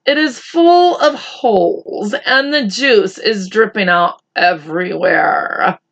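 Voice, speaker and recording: A woman's voice: mid-range voice, takes it slowly, creaky, fairly bright tone, dull audio, heavily acted. A woman voicing an old, fussy male grasshopper in a read-aloud storybook, fretful in tone. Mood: alarmed. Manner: fretful, wailing.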